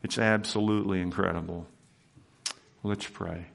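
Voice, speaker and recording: A man's voice: deep voice, steady tone, moderate pace, vocal fry. A man preaching as pastor, earnest and emphatic, repeating key phrases as his sermon moves into prayer.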